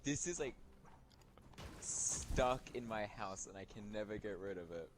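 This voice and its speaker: A man's voice: fairly low pitch, expressive, noisy background. A man on a stream telling a story to his friends, hesitant and full of filler words. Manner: hesitant, halting, lots of "like". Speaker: guest on the stream.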